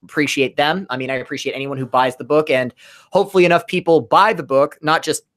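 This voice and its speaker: A man's voice: fairly high pitch, fast talker. A man, a comic book creator, chatting casually on a livestream and rambling animatedly about his book. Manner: rambling, animated, self-correcting.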